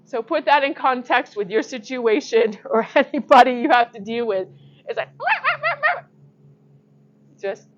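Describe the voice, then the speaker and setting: A woman's voice: a little high, unhurried, long pauses, muffled recording. A woman giving an informal, earnest sermon to camera, emphatic and laughing often. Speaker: Christian teacher.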